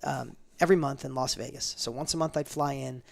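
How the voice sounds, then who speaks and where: A middle-aged man telling a personal story in an interview, fast and emphatic, acting out the dialogue he quotes. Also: medium pitch, steady tone, creaky.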